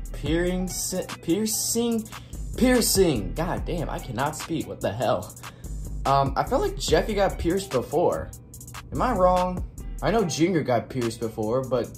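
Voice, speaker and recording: A woman's voice: very deep voice, a little mellow. A woman hosting a casual reaction video, rambling and blurting out exclamations.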